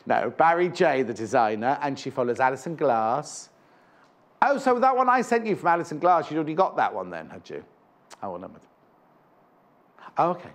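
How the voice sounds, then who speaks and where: A man's voice: medium pitch, very animated, fairly quick, long pauses. A man presenting live on a shopping channel, chatting and rambling between prices and correcting himself as he goes. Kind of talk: live TV selling chat. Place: TV studio.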